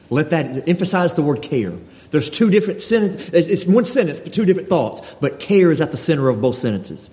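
A man preaching a sermon in an earnest way, circling back over his words and restarting sentences. His voice is dark and mellow. The recording is dull and lo-fi, with a long reverb from a church hall. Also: a little high. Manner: earnest, repeats phrases, stumbles and restarts.

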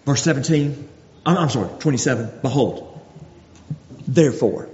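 A man's voice: medium pitch, a little slow, long pauses, a little mellow. A man preaching a sermon, reading scripture verse by verse and voicing God's words with mounting intensity. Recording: dull recording with long hall reverb.

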